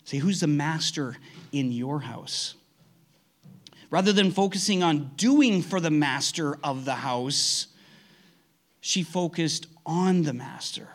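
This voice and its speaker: High-voiced earnest male preacher. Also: takes it slowly. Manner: earnest and conversational, with frequent restarts. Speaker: pastor. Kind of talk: conversational sermon.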